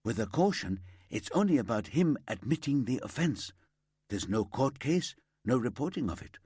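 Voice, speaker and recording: A man's voice: medium pitch, very animated, normal speed, a little mellow, breathy edge, no echo, clean studio sound, voice pushed up. A man voicing a blunt, tech-savvy young female detective constable in a crime audiobook. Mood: scheming.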